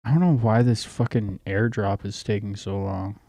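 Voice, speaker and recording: A man's voice: on the low side, moderate pace, warm tone, no echo, studio quality. A young man hosting a livestream, ranting in a profane, rambling way while distracted by his phone and screen. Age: young adult. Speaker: livestream host. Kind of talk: casual livestream rant.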